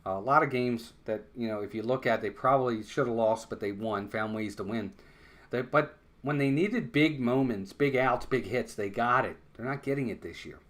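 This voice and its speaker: A man calling a live baseball game play-by-play, conversational and quick to get worked up over big plays and errors. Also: medium pitch. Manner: conversational, excitable on big plays, blunt criticism. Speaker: fan play-by-play commentator.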